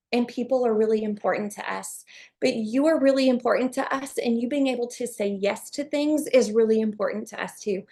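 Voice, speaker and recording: A woman giving an enthusiastic, chatty sales pitch to viewers on a video call, often saying "you guys" and "um". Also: darkish tone. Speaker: presenter of an online business call.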